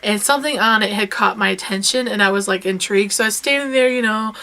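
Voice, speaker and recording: A young woman vlogger casually telling personal stories, animated and sometimes breaking into loud yelling as she retells them. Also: medium pitch, quick pace. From rural United States. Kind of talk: casual storytelling chat.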